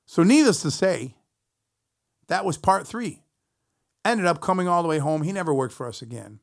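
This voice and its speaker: Middle-aged man, gravelly and slightly high-pitched, spinning a swear-heavy road story for his stream. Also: moderate pace, long pauses. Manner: profane, animated, rambling storyteller. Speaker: musician streaming on Twitch. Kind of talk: casual storytelling to stream chat.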